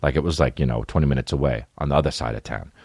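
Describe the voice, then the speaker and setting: A man's voice: very deep voice, very fast, creaky, darkish tone, no room sound, studio quality. A man in his late thirties from New Jersey, telling comedic stories as a podcast host in a profane, rambling way. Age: 30s. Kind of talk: comedic storytelling.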